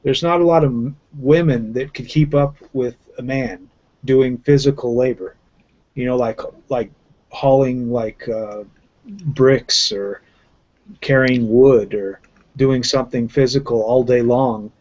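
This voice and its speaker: A man's voice: medium pitch, measured pace, darkish tone. A man giving blunt, scornful opinions in casual chat on a group video call, with frequent fillers. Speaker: round table panelist. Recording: dull lo-fi call audio.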